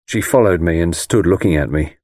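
A man narrating a first-person audiobook story in a measured storytelling manner. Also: low-pitched, a little mellow, dry recording, studio quality.

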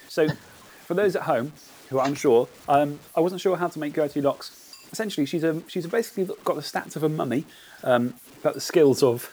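Playful animated man. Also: on the high side, a little hiss or hum, rough recording. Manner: playful, animated storyteller who laughs at his own jokes. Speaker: podcast host, tournament organiser. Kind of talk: casual podcast chat with a read-aloud story.

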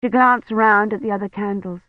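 A narrator reading an audiobook in a measured, unhurried storytelling manner. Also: medium pitch, fairly even intonation, dry recording, dull audio.

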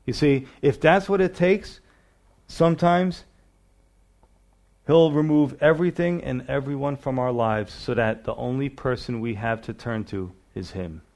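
A man's voice: medium pitch, a little slow, darkish tone. A middle-aged male pastor teaching a sermon verse by verse, reading scripture aloud and asking his listeners rhetorical questions in a conversational preaching manner.

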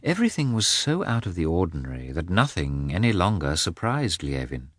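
A man giving a slow, expressive scripted reading of a novel as an audiobook narrator. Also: deep voice, no echo, studio quality.

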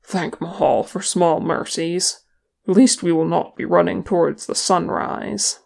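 A woman voicing a gruff, blunt male dwarf warrior in a fantasy audiobook. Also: on the low side, fairly even intonation, a little slow, darkish tone, heavily acted.

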